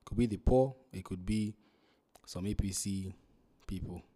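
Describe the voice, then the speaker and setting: A man hosts a casual podcast chat in a low, mellow voice. He talks with animation, often repeating and restarting phrases as he thinks aloud. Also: a little slow. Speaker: podcast host.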